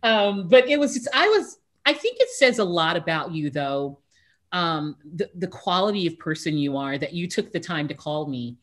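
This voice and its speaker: A woman hosting an interview, excitably telling a story and acting out her own reactions with frequent laughs. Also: on the low side, normal speed. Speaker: talk show host, voiceover artist. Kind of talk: casual interview chat.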